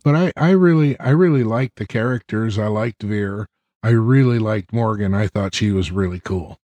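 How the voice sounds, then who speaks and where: A man co-hosting a casual podcast book discussion, giving measured, plain-spoken opinions. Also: on the low side, mellow, no echo. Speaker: podcast co-host.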